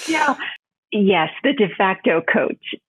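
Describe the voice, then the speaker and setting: A woman from New York, a health coach guest chatting in a podcast interview, animated and laughing often, jumping high in pitch when quoting people. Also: slow pace, husky, dry recording. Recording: tinny phone-line sound.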